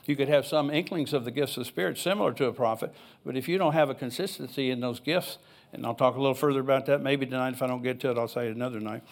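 A man's voice: mid-range voice, racing, vocal fry, few pauses. An older man preaching a sermon in a church, reading scripture aloud and rambling into personal asides in an easygoing, conversational way. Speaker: pastor.

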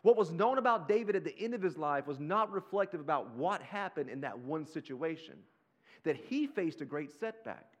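A man preaching a sermon as pastor, animated and conversational, talking straight to his listeners in casual slang. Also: fairly high pitch, normal speed. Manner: slips into casual slang like "y'all".

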